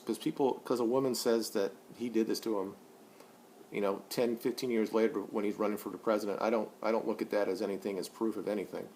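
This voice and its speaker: Faint hiss or hum runs beneath this opinion vlog, in which a forties-aged man speaks bluntly and swears. He rambles, restarts often, and gets louder and higher whenever he works himself up.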